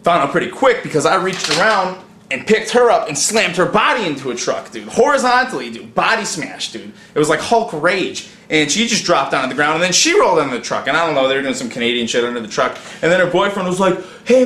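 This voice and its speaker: A man tells a rowdy story in a bright, sharp voice, cursing and saying "dude" again and again. His voice rings a little high for a man. The room around him is echoey. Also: quick pace, slight background noise. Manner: excitable, profane, says "dude" constantly. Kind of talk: casual storytelling.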